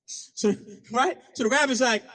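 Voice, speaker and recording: High-voiced animated male speaker. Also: a little slow, big-room sound. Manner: animated, call-and-response with audience; playful, slangy. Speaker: keynote speaker. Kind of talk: storytelling speech.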